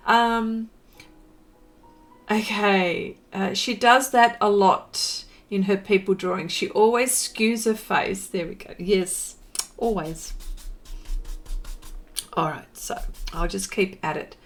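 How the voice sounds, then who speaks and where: A woman's voice: mid-range voice, unhurried, soft background music. A woman hosting a painting live stream, casually reading viewer comments aloud, tripping over hard words and laughing at herself.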